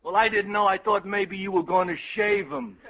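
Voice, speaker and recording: An actor playing a gullible, eager young army private who giggles and stammers, in vintage radio comedy acting. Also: male voice, sits high, steady tone, moderate pace, vocal fry, very noisy. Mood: dopey. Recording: lo-fi old radio recording.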